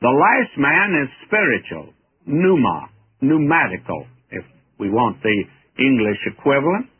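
A man's voice: medium pitch, big pitch swings, a little slow, slightly rough. A man teaching the Bible verse by verse in a folksy, earnest, emphatic way. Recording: tinny old radio broadcast.

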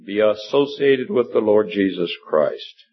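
A man's voice: animated, a little slow. A man preaching a sermon in an earnest, rambling way, his voice climbing for emphasis and stopping often for fillers. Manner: earnest, rises in pitch for emphasis, many fillers. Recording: dull lo-fi recording.

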